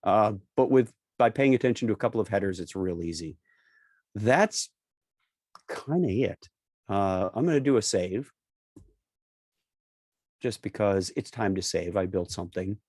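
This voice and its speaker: A man's voice: fairly low pitch, animated, measured pace, pauses often, a little mellow, husky, dry recording. Dry-sounding man demoing with wry jokes. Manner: joking, repeats key points with emphasis. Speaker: co-host presenting a software demo. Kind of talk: casual screen-share tutorial.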